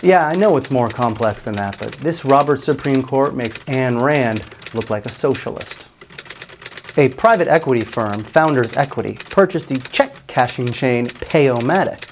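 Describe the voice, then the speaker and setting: A man hosts a comedy show, delivering sarcastic, satirical commentary on business news and swooping jokily into silly voices. His medium-pitched voice is expressive at a normal speed, with slight background noise.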